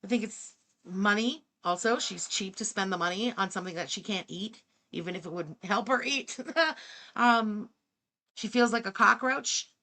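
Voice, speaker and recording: A woman's voice: mid-range voice, moderate pace, bright, forceful tone. A woman hosting reaction commentary, talking in an incredulous, sarcastic way and swearing freely. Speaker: commentary host.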